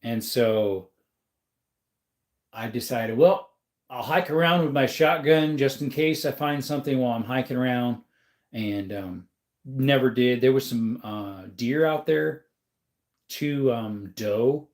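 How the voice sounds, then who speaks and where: A man's voice: mid-range voice, slow. Rambling man answering his live chat. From Arizona, USA. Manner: rambling, with many ums and laughs. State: throat rough and dry. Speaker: livestream host. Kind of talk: casual livestream chat, answering viewer comments. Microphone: phone camera on a stand.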